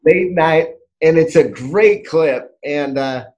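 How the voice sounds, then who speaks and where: A man's voice: a little high, slow pace, darkish tone, lo-fi sound. A middle-aged man hosting a podcast, telling a story in a loose, rambling way with many restarts. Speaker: podcast host. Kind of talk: casual podcast conversation.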